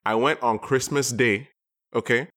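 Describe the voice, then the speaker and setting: A man co-hosting a casual chat, thoughtful and rambling, with quick bursts of excitement. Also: mid-range voice. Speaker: podcast co-host.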